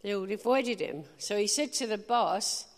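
A woman preacher giving a sermon, telling lively stories and speaking directly to the congregation. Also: medium pitch, big-room sound. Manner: lively storytelling, quick asides to the audience. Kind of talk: sermon with anecdotes.

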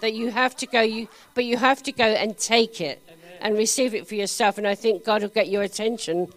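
A woman at a church meeting sharing a vision in a gentle, halting way with small fillers. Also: fairly high pitch, fairly even intonation. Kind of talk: charismatic church talk.

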